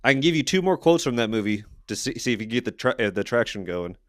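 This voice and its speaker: A man co-hosting a podcast at a mid-range pitch, relaxed and playful. His voice is close and dry, with no room echo. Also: fast. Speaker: podcast co-host. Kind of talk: casual chat, quoting movies.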